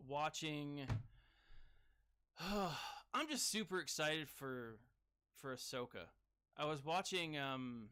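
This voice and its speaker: A man giving casual gaming commentary as a streamer, chatting with viewers and breaking into sudden excited whoops. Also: mid-range voice, smooth. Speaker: game streamer reading live chat.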